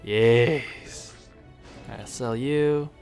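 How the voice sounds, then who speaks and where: A man's voice: medium pitch, normal speed, soft background music. A man giving casual commentary over his own gameplay, chatting to the screen and coaxing the units along. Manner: chatty, talks to the game units, sudden excited outbursts. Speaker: gaming video creator.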